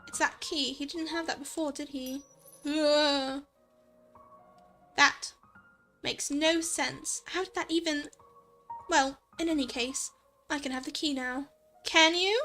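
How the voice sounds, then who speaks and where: A woman's voice: high-pitched, fairly even intonation, takes it slowly, pauses often, sharp tone. A young adult woman streamer in casual let's play commentary, chatty and giggly, thinking aloud. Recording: faint background music.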